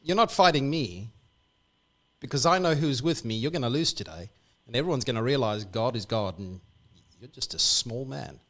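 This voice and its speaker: A man's voice: mid-range voice, lively intonation, moderate pace, a bit bright. Brief: Australian man as a confident young shepherd, eager and matter-of-fact. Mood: bold.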